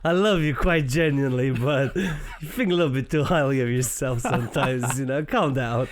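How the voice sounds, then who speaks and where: A man's voice: mid-range voice, normal speed. A young man co-hosting a podcast, reacting with teasing, wry remarks in casual chat. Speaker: podcast co-host.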